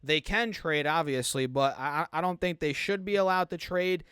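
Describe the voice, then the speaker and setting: A man's voice: a little high, normal speed, a bit bright, smooth, no room sound, clean studio sound. A man giving casual stock market commentary to camera, hyped and chatty, often laughing and talking straight to viewers. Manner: hyped, chatty, keeps addressing viewers as "guys".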